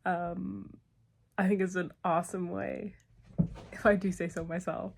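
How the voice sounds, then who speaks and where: A young adult woman chatting late at night with a slight lisp from retainers, tired but excited. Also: lowish voice, unhurried, gravelly.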